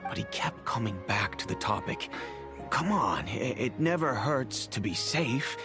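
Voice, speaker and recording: A man voicing a wealthy, kindly middle-aged father in game cutscene dialogue, telling the past in a measured, reflective way. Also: medium pitch, animated, close to an everyday voice. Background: game music.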